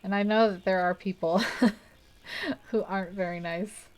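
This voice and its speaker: A woman's voice: medium pitch, fairly even intonation, a little slow. A young woman hosting a live art stream, chatting casually and rambling while she paints, laughing often and poking fun at herself. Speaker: art livestream host.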